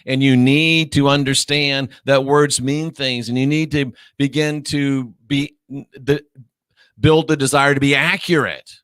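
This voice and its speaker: A man hosting his own online show, delivering a scornful, lecturing monologue and stretching key words out slowly for emphasis. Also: medium pitch, fairly even intonation, a bit bright, clean tone, no room sound, clean studio sound.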